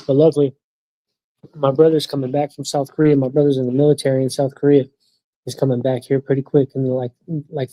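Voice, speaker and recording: A young man with a mellow, mid-range voice chats casually on a livestream, slangy, swearing and laughing often. He uses a streaming mic, and the recording quality is low.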